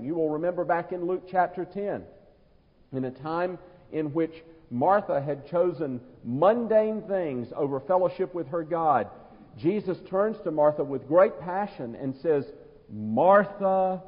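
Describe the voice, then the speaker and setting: A man preaching an earnest, emphatic sermon, slowing down for the quoted words. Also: a little high. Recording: dull sound, long church reverb.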